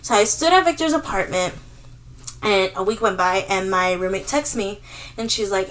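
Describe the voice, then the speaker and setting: A woman in her twenties telling a story in casual podcast chat, animated and full of fillers, swearing freely. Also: medium pitch, normal speed. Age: 20s. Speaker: podcast co-host.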